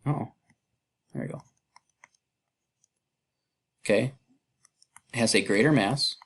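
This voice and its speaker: A man's voice: on the low side, takes it slowly, vocal fry. A man teaching a recorded chemistry lesson in a casual, chatty way, with fillers and self-deprecating asides as he works through problems. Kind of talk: recorded lecture walkthrough.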